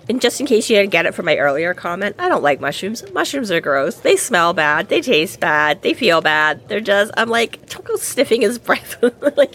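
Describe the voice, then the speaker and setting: A woman chatting casually about a book, retelling scenes with lively energy. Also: medium pitch, slight background noise. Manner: animated, acts out characters while retelling.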